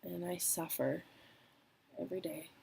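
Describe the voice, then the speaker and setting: A young woman speaking candidly and emotionally in a personal vlog, with trailing pauses. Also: fairly low pitch, steady tone, vocal fry, warm tone, slight background noise, poor audio. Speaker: vlogger.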